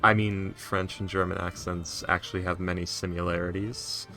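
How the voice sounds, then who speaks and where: A man's voice: sits low, level tone, normal speed, sharp tone, faint music behind. A man chatting as a player in a tabletop game, dry and teasing. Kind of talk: casual tabletop game chat.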